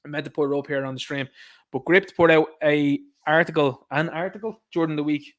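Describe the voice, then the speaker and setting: A man's voice: on the high side, quick pace. A man with an Irish accent hosting a livestream, ranting with sarcastic indignation and calling his listeners lads. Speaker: livestream host.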